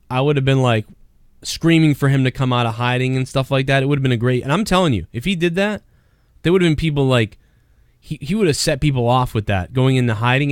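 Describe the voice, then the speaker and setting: A man's voice: mid-range voice, dry recording, clean studio sound. A man hosting a live stream, ranting heatedly and with lots of profanity in casual chat. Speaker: stream host.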